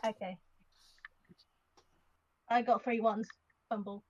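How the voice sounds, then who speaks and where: A woman's voice: on the high side, steady tone, takes it slowly, muffled recording, crowd noise. A woman playing in a tabletop game, speaking playfully with some exasperation. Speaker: player. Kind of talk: casual tabletop play.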